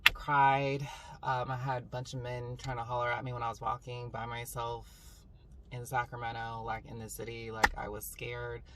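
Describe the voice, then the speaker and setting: A woman's voice: rumbling low, moderate pace. Rambling woman telling a storytime vlog. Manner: rambling, filler-heavy, with 'like' and 'um'; animated and dramatic. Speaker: vlogger. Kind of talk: casual storytime. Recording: slightly distant mic, faint background hum.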